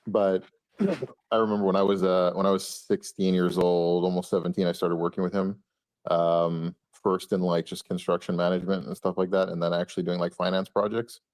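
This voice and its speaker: A man from Canada with a low, deep voice, trading anecdotes on a podcast. He talks in a loose, chatty way, filling his sentences with "like" and small laughs. The recording is dry and close. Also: flat delivery, moderate pace, a little mellow, dry recording. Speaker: co-host. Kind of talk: casual podcast chat.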